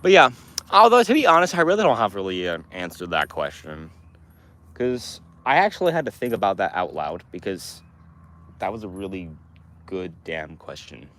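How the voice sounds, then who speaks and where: Teen male streamer, low-ish voice, loose and rambling while reading chat. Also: wildly swooping pitch, normal speed, a bit bright. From Montana, US. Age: teens. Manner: rambling, with restarts and fillers. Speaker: livestream host answering chat. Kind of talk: casual livestream chat.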